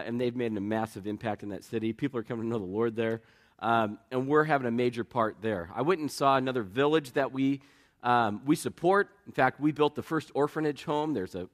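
A man preaching a sermon as pastor, in a conversational storytelling way with self-deprecating humor, getting lively as he tells anecdotes. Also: mid-range voice. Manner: lively, rising when telling anecdotes.

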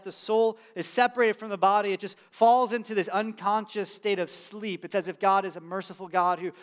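A man preaches a sermon as pastor, his voice set noticeably high for a man. He moves between emphatic, driving points and loose, conversational asides.

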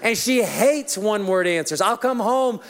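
Brief: Male pastor, higher voice, joking storyteller in the pulpit. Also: animated, moderate pace, fairly bright tone. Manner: humorous, self-mocking storytelling. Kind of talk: sermon.

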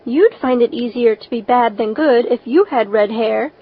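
A woman's voice: on the high side, moderate pace, slightly rough. A woman reading the part of an eager, talkative and imaginative young orphan girl. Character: chatty imaginative red-haired orphan girl. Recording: dull lo-fi recording.

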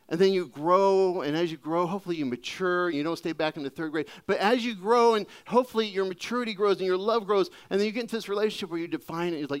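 A man's voice: sits high, quick pace. A man preaching a sermon in a conversational, humorous storytelling way. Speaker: pastor.

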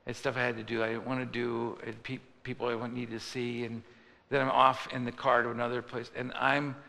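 A man's voice: mid-range voice, flat delivery, brisk, creaky, sharp tone. A male pastor preaching a sermon in a conversational style, acting out the voices of people he quotes. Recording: long hall reverb.

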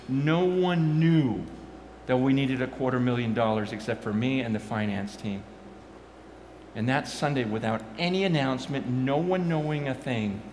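A pastor telling animated stories, swinging from quiet asides to loud bursts and repeating his words as he goes. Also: mid-range voice, reverberant, a little hiss or hum. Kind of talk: animated storytelling talk.

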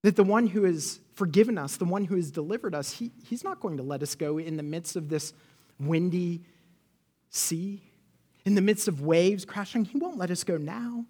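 High-voiced man preaching a lively sermon. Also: normal speed, slightly rough. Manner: animated, acts out quotes, asks the congregation questions. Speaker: pastor.

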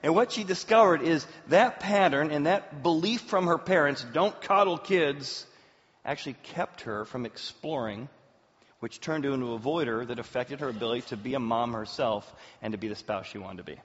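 A man in his forties, a pastor preaching a sermon as an animated storyteller, with big swings in pitch and loudness. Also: fairly quick. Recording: roomy hall, dull sound.

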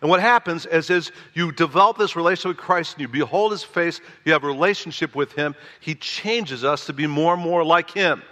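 Man in his sixties, pastor preaching, bright forceful voice, animated emphasis, long hall reverb. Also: a little fast, few pauses. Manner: animated preaching, rising pitch and volume on key phrases. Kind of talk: sermon. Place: church sanctuary.

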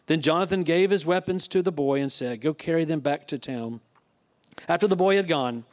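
Male pastor, fairly high voice, preaching a sermon that mixes reading with plain retelling. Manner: retells scripture with asides.

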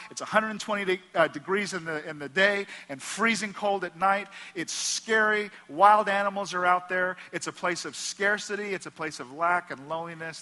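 A man with a bright, forceful voice preaching in a church sanctuary, his words ringing through a long hall reverb. He delivers the sermon with passion, dropping down low and quiet whenever he quotes someone. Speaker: pastor.

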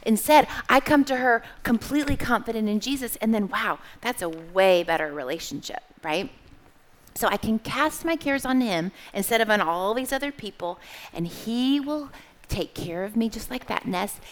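A woman giving a sermon to young listeners, asking them questions and having them repeat words back. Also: medium pitch. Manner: expressive, asks the audience questions and has them repeat words. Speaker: children's Bible teacher.

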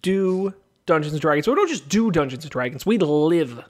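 Chatty podcast host, slightly high voice. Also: male voice, lively intonation, normal speed. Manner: chatty, joking, runs show plugs. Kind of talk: casual podcast chat.

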